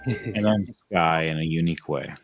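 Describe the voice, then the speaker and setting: A man's voice: extremely low pitch, normal speed, over music. A man narrating as game master of a tabletop game, rambling with lots of fillers and restarts.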